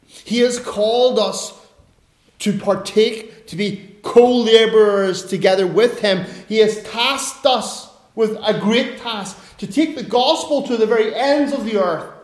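A man preaching a sermon with emphatic, repeated phrases that sometimes drop to soft, low asides. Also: measured pace, reverberant.

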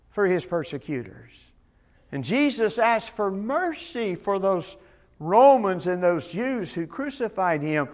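A man preaching a Bible study sermon as pastor, emphatic, swinging between loud declarations and soft asides, often repeating words as he starts a phrase. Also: high voice.

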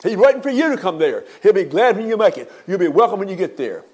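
An older pastor preaching a funeral sermon in a high voice. He talks in a folksy way and rises to emphatic, stretched-out peaks. His delivery is homespun and heartfelt. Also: sing-song, fast talker, a little mellow, slightly rough.

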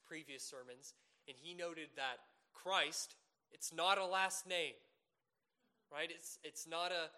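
A man preaching a sermon, earnest and emphatic, building to loud peaks and asking rhetorical questions. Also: a little high.

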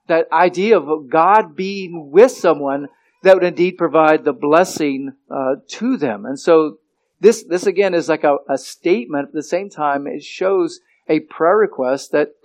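Male preacher, slightly high voice, unhurried teaching delivery with stumbles. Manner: halting, repeats words, slows to stress phrases. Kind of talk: expository sermon.

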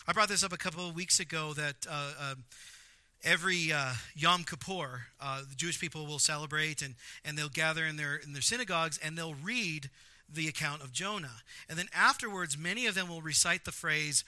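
A man preaching a sermon, animated and acting out quotes with big swings in volume. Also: on the high side, normal speed, no room sound. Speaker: pastor.

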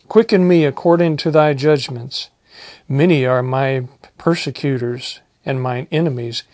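Slow, measured man reading scripture. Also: medium pitch, a little mellow, no room sound. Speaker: preacher. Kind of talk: Bible reading and sermon.

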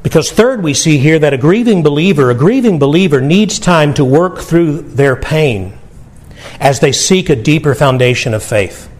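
High-voiced man preaching a sermon. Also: lively intonation, normal speed. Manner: earnest, emphatic, conversational preaching with repeated words. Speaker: pastor.

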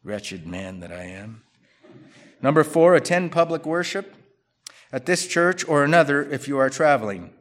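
A man preaching a sermon as a pastor, talking conversationally, rising to loud emphatic bursts, dropping to quiet asides, and acting out quoted people. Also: fairly high pitch, lively intonation, moderate pace. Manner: acts out quoted people in his own voice.

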